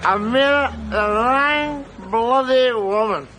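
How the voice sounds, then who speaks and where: A man's voice: sits high, animated, measured pace, fairly bright tone, slight background noise. A Glaswegian actor playing a bitter, rambling unemployed man in a sitcom, with studio audience laughter. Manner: rambling, boisterous, drunken. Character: boozy unemployed Glasgow man, bitter, gabby. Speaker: sitcom character.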